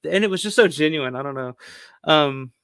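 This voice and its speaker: A man's voice: on the high side, lively intonation, normal speed, a bit bright, clean tone, no room sound, studio quality. A man hosting a film countdown video, talking casually and rambling with lots of fillers and the odd swear word. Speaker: film review channel host.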